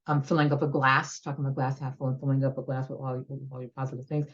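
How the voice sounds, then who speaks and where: A woman's voice: rumbling low, level tone, fast talker, highs cut off. A woman educational consultant eagerly explaining her methods on a video-call panel.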